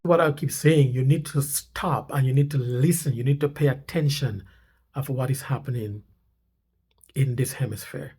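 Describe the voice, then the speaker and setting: With a darkish, breathy mid-range voice at normal speed, this channel host from Canada comments on news clips, pressing his points again and again with growing emphasis.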